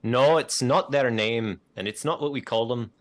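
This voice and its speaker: A man's voice: medium pitch, normal speed. Guy on a game stream call, dry teasing jokes, chill. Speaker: guest player. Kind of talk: casual chat on a tabletop game stream.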